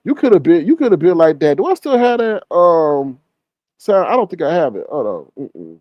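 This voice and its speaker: Sassy animated man hosting a livestream. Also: a little high, moderate pace, no room sound, dull audio. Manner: sassy, gossipy, reads chat aloud. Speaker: livestream host. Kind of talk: casual livestream commentary.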